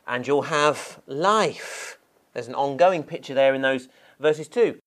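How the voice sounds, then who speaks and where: A man's voice: mid-range voice, slow, a bit bright. A man preaching a sermon, stressing key words.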